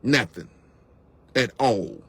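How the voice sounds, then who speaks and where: A man's voice: mid-range voice, expressive, slow, fairly bright tone, breathy edge, no echo. A middle-aged man, venting on camera in an impassioned, repetitive rant to his viewers. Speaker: vlogger.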